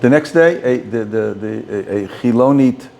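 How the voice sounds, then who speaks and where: A man's voice: medium pitch, normal speed, vocal fry, mellow. A man, a rabbi, giving an informal talk to a small group, often repeating and restarting words.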